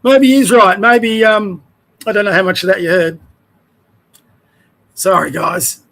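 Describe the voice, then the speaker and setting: A man's voice: high voice, fairly even intonation, a little slow, vocal fry, a bit bright. An Australian man hosting his own show, ranting in a heated, rambling way and trailing off mid-sentence. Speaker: show host. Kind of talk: ranting commentary.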